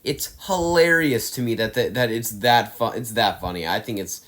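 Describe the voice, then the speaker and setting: A young man delivers a casual monologue ranking films. He rants with emphatic exasperation, letting out sighs and groans as he runs through them, in a voice of ordinary middle pitch. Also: moderate pace, a bit bright. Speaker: movie reviewer.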